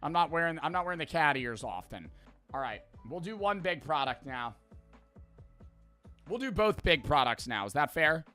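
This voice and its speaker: A man's voice: fairly high pitch, lively intonation, moderate pace, sharp tone, faint music behind. A man streaming, reading jokes aloud from a book and chatting about them with small laughs.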